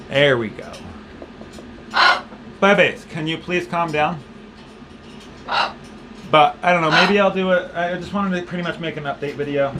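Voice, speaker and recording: A man's voice: mid-range voice, very noisy. A man in his thirties from the United States, rambling through a casual vlog update with frequent restarts, filming himself on a handheld camera while walking around his home. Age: 30s. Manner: rambling, restarts often, talks to his pet. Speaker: vlogger. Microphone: handheld camera on a gimbal.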